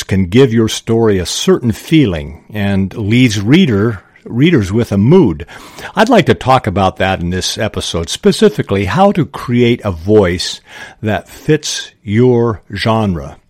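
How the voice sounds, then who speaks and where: A man hosting a podcast, explaining writing craft in a slow, thoughtful way, with small restarts. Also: lowish voice, big pitch swings, darkish tone, no room sound, studio quality. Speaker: podcast host.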